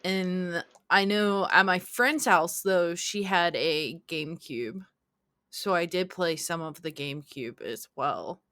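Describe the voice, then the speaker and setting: A woman chatting on a podcast, relaxed and unhurried, laughing at herself now and then. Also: on the low side, dry recording, clean studio sound. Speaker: podcast co-host. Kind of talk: casual chat.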